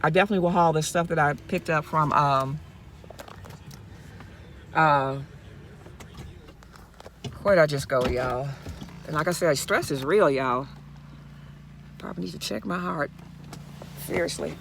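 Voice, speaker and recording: A woman's voice: low-pitched, measured pace, creaky, long pauses, slight background noise. A woman from Mississippi, talking straight to her viewers in a casual vlog, impassioned and repeating herself as she goes, speaking from her car. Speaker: YouTube vlogger.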